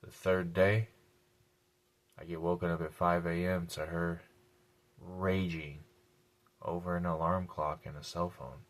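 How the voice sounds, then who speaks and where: A man's voice: sits low, little pitch movement, unhurried, pauses often. A man telling a personal story on his vlog, blunt and a little profane, repeating key lines for emphasis. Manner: blunt and profane, casual slang.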